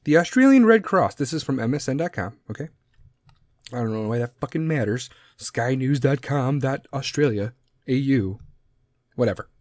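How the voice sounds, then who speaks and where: A man's voice: medium pitch, normal speed, darkish tone, no echo, studio quality. A man hosting a solo podcast, talking bluntly and sarcastically and swearing constantly. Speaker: podcast host. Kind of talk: profane solo podcast rant.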